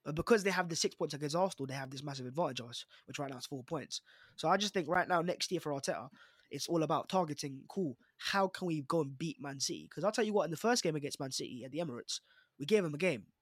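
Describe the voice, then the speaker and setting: A man's voice: on the high side, no room sound, studio quality. A young man with a London accent arguing emphatically in a casual football podcast debate. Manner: fast, emphatic, argumentative. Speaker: podcast panelist, Arsenal fan.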